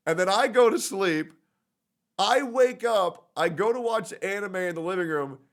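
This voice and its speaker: A young man streaming and telling a story to his chat in a loud, animated way, laughing at his own jokes. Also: sits high, unhurried.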